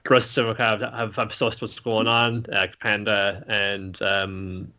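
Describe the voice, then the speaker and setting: A man co-hosting a podcast, recapping an anime episode in a casual, animated way, swearing often and laughing between lines. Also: lowish voice, measured pace. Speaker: podcast co-host.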